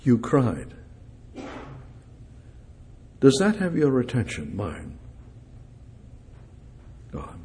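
Slow, emphatic male preacher. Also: mid-range voice, huge pitch swings. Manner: repetitive, speaks directly to God; emphatic, dramatic swings between loud and soft. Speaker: pastor. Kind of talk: sermon.

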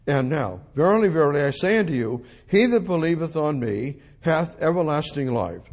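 Emphatic husky preacher man. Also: on the high side, expressive, moderate pace. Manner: emphatic, repeating phrases, swinging from loud to quiet. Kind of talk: expository sermon.

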